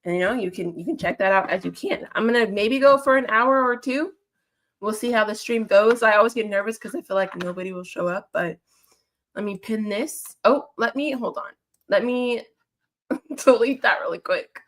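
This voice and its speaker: With a mid-range voice and moderate pace, this woman runs a football call-in livestream and keeps the talk casual, upbeat, and chatty, full of repeated phrases. One viewer comments on her non-standard accent.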